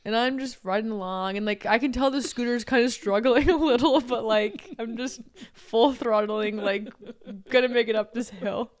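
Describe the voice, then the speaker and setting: A young woman co-hosting a casual podcast, telling a story in an animated way and often breaking into laughter. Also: on the high side, normal speed. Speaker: podcast co-host.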